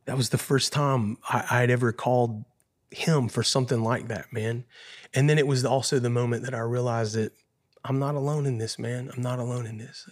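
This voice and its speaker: A man, a guest musician, telling a painful personal story in an earnest, emotional way, often repeating himself and saying "man.". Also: mid-range voice.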